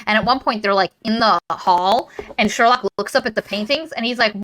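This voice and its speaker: A woman hosting a casual book club podcast, retelling a novel with profanity and quick put-on character voices. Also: on the high side, rough recording. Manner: animated, profane, acts out characters in silly voices.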